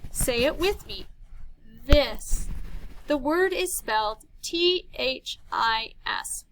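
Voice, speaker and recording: A woman teacher giving a slow, patient early reading lesson to young children, sounding out words and counting down. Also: sits high, expressive, fairly bright tone, slight background noise, poor audio.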